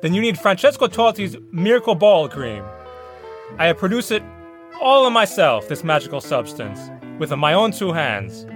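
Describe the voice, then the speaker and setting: Comic ad spot: man doing a vain Italian football legend, Italian accent, voice pitched a little high. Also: big pitch swings, moderate pace, soft background music. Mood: boastful. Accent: put-on Italian. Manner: hammy broken-English sales pitch. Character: vain aging Italian football star selling cream.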